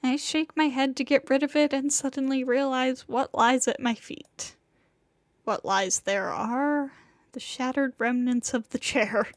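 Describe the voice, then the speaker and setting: A woman's voice: sits high, steady tone, a little slow, dry recording. A woman reading the first-person narration of a flustered young male student, bewildered and rambling. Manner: bewildered, rambling inner monologue.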